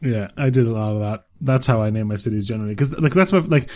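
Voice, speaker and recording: An Irish man co-hosting a podcast, chatting casually and dropping quick, jokey jabs. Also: lowish voice, darkish tone. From Ireland. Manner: teasing, jokey, quick interjections. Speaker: podcast co-host. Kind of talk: casual chat.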